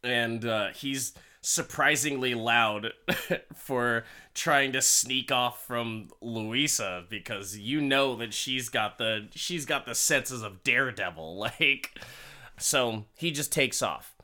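A man recaps a crude story for laughs, breaking into chuckles and cursing freely. His voice is bright and forceful. He talks slowly and drifts into rambling asides. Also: medium pitch. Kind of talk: casual comedic story recap.

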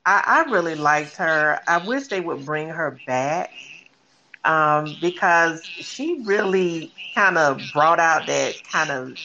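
A co-host talks slowly through a casual TV recap, pausing with fillers. The voice is bright and sharp. The recording is dull and lo-fi, with faint background noise. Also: medium pitch, expressive. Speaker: podcast co-host.

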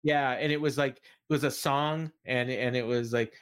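A man on a wrestling podcast, talking casually at a middling pitch. He rambles through the week's shows, stopping and restarting with plenty of fillers. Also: fairly even intonation, clean tone. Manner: rambling, halting recap with many fillers. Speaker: podcast co-host. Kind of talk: casual wrestling recap chat.

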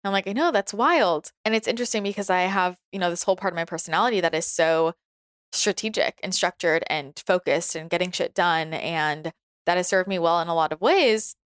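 A woman's voice: lowish voice, fairly quick, clear, resonant tone, dry recording, clean studio sound. A young woman talking casually and reflectively on her own, chatty and laughing often, with many restarts and fillers.

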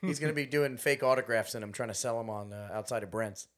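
A man's voice: mid-range voice, fast talker, a bit bright. A man hosting a podcast, talking casually and eagerly asking his guest questions. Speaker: podcast host. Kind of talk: casual chat.

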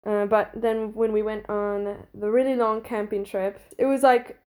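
A twenty-something woman on a podcast casually relates a story from her life, using "like" a lot and breaking into laughter. Her delivery is flat and unhurried, medium in pitch and a little mellow.

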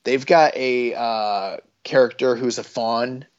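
A man co-hosting a podcast, talking in a loose, rambling way with jokes and casual swearing. His voice sits at an ordinary pitch. The recording is dull and lo-fi. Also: steady tone, slow pace, a little mellow. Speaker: podcast co-host. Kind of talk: casual wrestling chat.

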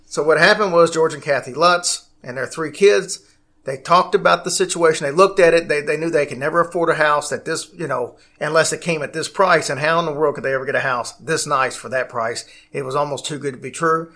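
A man's voice: fairly high pitch, a little fast, pushed and bright. A man hosting a casual podcast, rambling along and often restarting his sentences. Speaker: podcast host.

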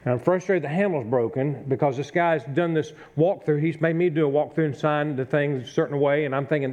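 A man's voice: on the high side, brisk, hardly any pauses, a little mellow, lo-fi sound. A middle-aged male pastor preaching a conversational sermon, telling a self-deprecating story and acting out his own frustration.

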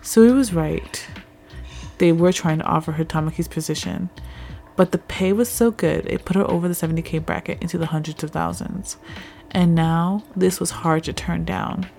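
A woman narrating a fan fiction story with a steady storytelling read. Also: on the low side, moderate pace, creaky, soft background music.

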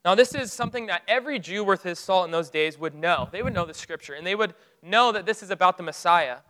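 A man preaching a sermon, retelling a Bible story with rising excitement and dropping to hushed, solemn tones. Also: sits high, quick pace, rough recording. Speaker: pastor.

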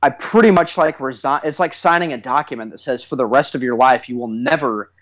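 A man's voice: medium pitch, fairly quick, fairly bright tone. A man in his thirties, a podcast co-host telling a funny story in casual chat, teasing his co-host.

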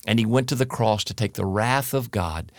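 A man's voice: fairly low pitch, moderate pace, no echo. Male pastor, radio devotional, earnest preacher cadence, dry booth sound. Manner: earnest, preacherly, acts out what people say. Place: radio studio.

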